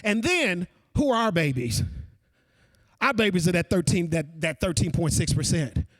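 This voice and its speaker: A man's voice: high voice, moderate pace, dry recording. A man delivering a conference keynote speech, talking straight to the audience and calling them folks. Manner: animated, addresses audience directly as folks. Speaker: keynote speaker.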